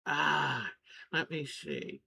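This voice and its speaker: A woman's voice: deep voice, animated, drawn-out words, vocal fry, sharp tone, husky, no echo. A middle-aged woman hosting a quilting channel, chatting and gushing as she shows family photos. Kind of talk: casual chat while showing photos.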